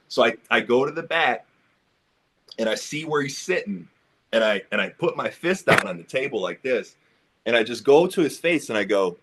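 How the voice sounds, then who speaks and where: A man's voice: on the low side, animated, moderate pace, fairly bright tone, slightly rough. A man on a discussion panel telling a personal story, acting out the quotes and speaking in casual slang. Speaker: roundtable panelist.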